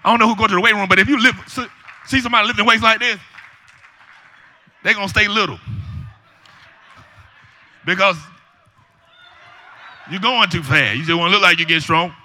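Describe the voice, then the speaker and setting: A man preaching a pep talk to listeners, moving from easy talk into sing-song shouting. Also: sits high, moderate pace, pauses often. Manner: talks to listeners as "y'all".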